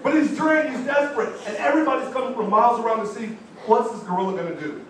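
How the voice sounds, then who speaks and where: High-pitched male motivational speaker, lively storyteller, distant and echoey in a large hall. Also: fast, a crowd in the background. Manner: animated storytelling with audience call-outs. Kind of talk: live motivational speech. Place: large college event hall.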